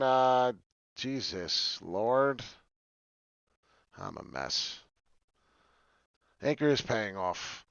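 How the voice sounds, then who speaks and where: A man hosting a casual crypto livestream, talking in an excitable, rambling way with frequent swearing. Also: medium pitch, slow, long pauses, smooth, dry recording, highs cut off. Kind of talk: casual live chart talk.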